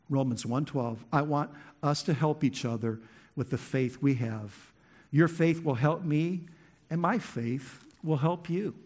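Guy pastor preaching a sermon, pretty high voice, gets loud and excited then drops real soft. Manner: emphatic, swinging from soft to loud with repeated restarts.

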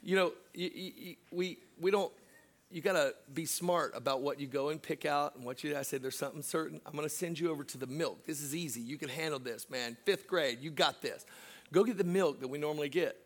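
A middle-aged pastor with a voice on the high side preaches a sermon built around a personal story. He swings between loud, laughing asides and hushed, slow moments.

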